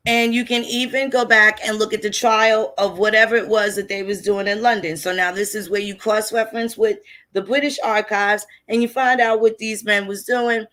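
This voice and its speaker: A woman's voice: mid-range voice, steady tone, normal speed, fairly bright tone. A woman talks through old archive records in a loose, casual lecture. Her delivery is blunt and conversational, and she swears freely while explaining. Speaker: history channel host.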